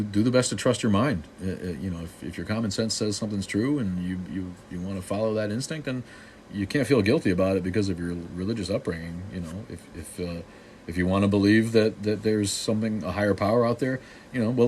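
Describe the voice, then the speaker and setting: Deep-voiced snarky man hosting a stream. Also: a little mellow, slight background noise. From Boston. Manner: snarky, joking, loose with many restarts. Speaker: live stream host answering viewer comments. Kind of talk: casual live-stream Q&A.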